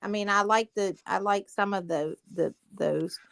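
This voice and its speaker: A woman's voice: medium pitch, normal speed, creaky, a bit bright, no echo. A woman on a sports talk panel, giving opinions in an offhand way.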